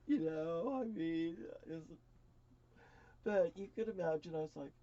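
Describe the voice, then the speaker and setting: A man's voice: on the high side, measured pace, long pauses, dark tone, lo-fi sound. A middle-aged man telling personal stories in a rambling, profane vlog monologue, stammering and repeating words. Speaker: vlogger.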